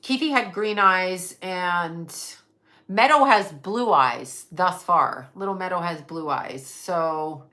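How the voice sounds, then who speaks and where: A woman's voice: fairly low pitch, slow, pushed and bright. A middle-aged woman hosting a casual livestream, venting bluntly with profanity and reading viewer comments aloud. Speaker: livestream host. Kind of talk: casual live chat.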